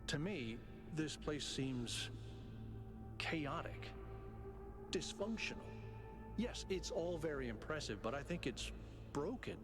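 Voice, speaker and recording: A worried robot leader with a German accent. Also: male voice, fairly high pitch, expressive, music in the background. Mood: concerned. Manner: measured, concerned. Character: cautious male robot leader, worried and skeptical.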